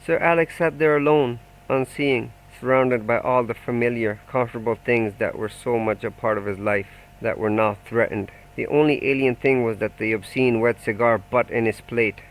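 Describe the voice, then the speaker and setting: A man reading a novel aloud in steady, measured audiobook narration. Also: medium pitch, low-quality recording.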